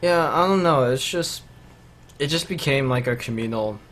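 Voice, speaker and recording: A man's voice: mid-range voice, normal speed, a bit bright, slight background noise. Rambling young man on a podcast. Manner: loose and rambling, many fillers. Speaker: podcast co-host. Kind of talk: casual chat.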